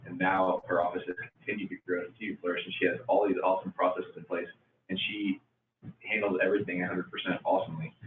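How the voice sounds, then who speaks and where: A man with a very low voice gives casual encouragement to his audience. He sounds distant and echoey, as if caught by a far-off mic in a hall. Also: little pitch movement, fast, phone-quality sound, slight background noise. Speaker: business coach.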